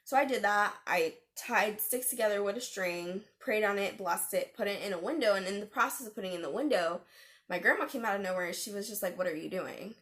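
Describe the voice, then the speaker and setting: A woman's voice: medium pitch, fairly quick, fairly bright tone. A young adult woman vlogger telling a personal story to camera in a casual, chatty way, full of slang and fillers.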